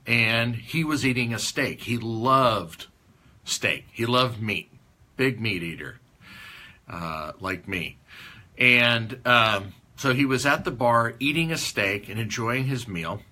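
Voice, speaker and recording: A man speaking at a conference, telling a rambling, folksy story. His voice is bright and forceful at an average pitch. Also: slow. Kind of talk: anecdotal storytelling talk.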